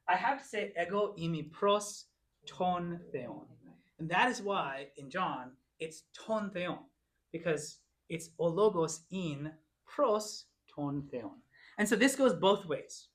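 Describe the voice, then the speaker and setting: A man teaching a Bible class in a church classroom, giving a lecture and patiently explaining, slowing down to repeat example phrases. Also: high-pitched, a bit bright.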